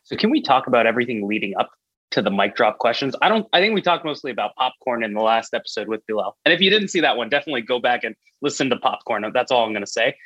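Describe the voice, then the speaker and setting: Fast-talking husky podcast host, lo-fi sound. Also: male voice, mid-range voice, expressive, fairly bright tone, dry recording. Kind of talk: podcast interview.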